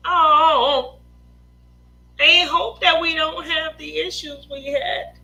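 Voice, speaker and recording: A woman's voice: sits high, steady tone, slow, gravelly, pushed and bright, poor audio. A woman from Las Vegas hosting a casual craft livestream, greeting viewers by name in a playful, chatty, sometimes sing-song way. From Las Vegas, USA. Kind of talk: casual livestream chat while painting.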